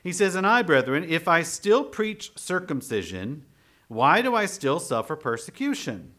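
A man preaching a sermon, reading scripture and commentary aloud in a measured, emphatic way. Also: a little high, big pitch swings, sharp tone. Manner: measured, emphatic delivery, reads passages aloud.

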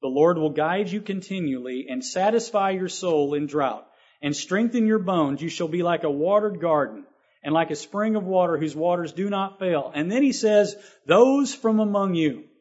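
A man's voice: a little high, normal speed, a little mellow. A man delivers a sermon in an earnest, preacherly manner, his slightly raised voice swelling with emphasis as he reads and explains scripture. The recording is dull and lo-fi.

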